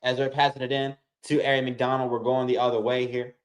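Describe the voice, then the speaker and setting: Hosting a casual watch-along, a man calls basketball play-by-play and talks directly to his viewers, excitably calling them "y'all." His voice is mid-range and brisk.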